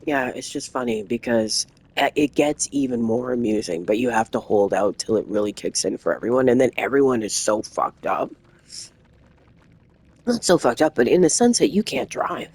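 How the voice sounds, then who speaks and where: A gaming streamer spinning a casual, meandering story for an audience. The delivery is animated and full of false starts and self-corrections, drifting from one aside to the next. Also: medium pitch, moderate pace, husky, low-quality recording. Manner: rambling, animated anecdote with many restarts.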